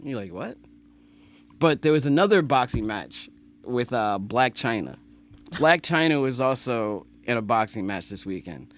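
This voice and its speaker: A man's voice: mid-range voice, expressive, normal speed, fairly bright tone. A man co-hosting a podcast, trading loose, slangy, joking banter. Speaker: podcast co-host. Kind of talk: casual banter.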